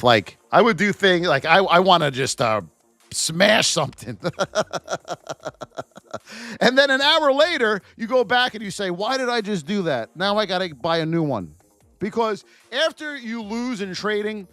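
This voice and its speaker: A man with a high voice hosts a live stock trading stream, recorded dry. He gives market commentary and shouts out names from the chat in an animated, sing-song way.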